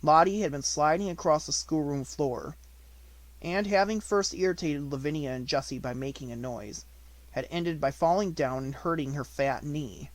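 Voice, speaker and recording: A man's voice: on the high side, moderate pace, no room sound. Man reading an audiobook, dry sound. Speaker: audiobook narrator.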